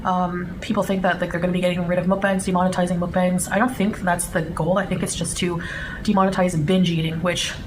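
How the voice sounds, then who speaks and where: A woman's voice: lowish voice, level tone, fast talker. A woman live streamer talking casually and rambling to her chat, with many fillers and restarts. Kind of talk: casual livestream talk. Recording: streamed clip with clear background noise.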